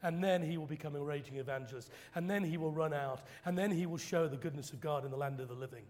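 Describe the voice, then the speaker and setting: A man preaching a sermon, telling stories dramatically and acting out quoted preachers in loud high bursts. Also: fast talker. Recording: long hall reverb.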